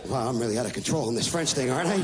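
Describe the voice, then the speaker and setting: A man doing a loud, profane, sarcastic stand-up rant on stage before a live audience. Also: medium pitch, lively intonation, very fast, very noisy. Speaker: stand-up comedian. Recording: live show with crowd and music.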